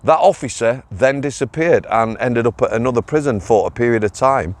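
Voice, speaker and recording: A middle-aged former prison officer from England tells blunt, chatty stories on his own channel in a casual vlog. He has a Northern English, Greater Manchester accent and sprinkles in local dialect words. His voice sits at a medium pitch and moves a little fast.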